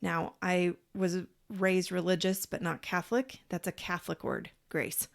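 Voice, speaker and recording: A woman co-hosting a podcast, telling a personal story in a casual, animated way, acting out what people said and swearing freely. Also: lowish voice, measured pace, creaky. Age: parent, adult. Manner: animated, acts out quoted voices. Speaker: podcast co-host.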